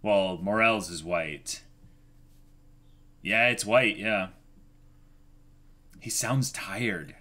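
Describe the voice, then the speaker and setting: A man's voice: on the low side, very slow, pauses often, bright, forceful tone. A man hosting an anime reaction, talking in a casual way with short, reactive exclamations.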